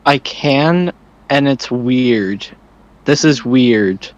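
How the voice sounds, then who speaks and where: A podcast co-host speaking slowly over a remote call, trailing off and restarting with plenty of fillers. The voice sits at a middle pitch, and the call audio is dull and lo-fi. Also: animated. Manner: halting, drawn out, full of fillers and restarts. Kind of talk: casual chat.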